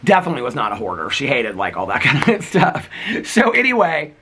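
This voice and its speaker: A man's voice: medium pitch, huge pitch swings, fairly quick, sharp tone, husky. A man in his fifties vlogging in a rambling, chatty way, telling stories with many fillers and laughs. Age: 50s. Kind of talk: casual chat to camera.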